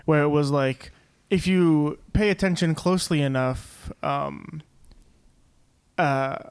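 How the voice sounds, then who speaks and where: Rambling young man, higher voice. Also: slow, smooth, dry recording. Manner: rambling, joking. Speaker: podcast co-host. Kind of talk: casual podcast chat.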